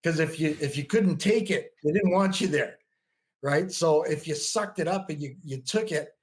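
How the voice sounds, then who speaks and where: A man's voice: a little high, moderate pace. A middle-aged man, a bodybuilder and coach, telling stories as a podcast guest in a loose, rambling way full of restarts. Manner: rambling, frequent restarts and "you know". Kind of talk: casual storytelling interview.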